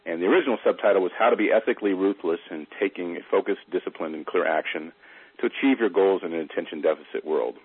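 A man's voice: sits low, fast, slightly rough, dry recording. A middle-aged man giving a conversational slide presentation, telling stories with fillers as he goes. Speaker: presenter, internet entrepreneur. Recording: dry tinny phone-like line.

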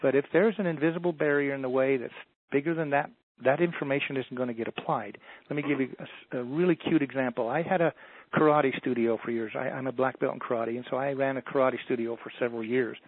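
A man's voice: medium pitch, fairly even intonation, fast, breathy edge, no echo. Folksy storytelling man on a phone line. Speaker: motivational speaker guest. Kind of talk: storytelling in a radio interview. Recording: dry, tinny phone line.

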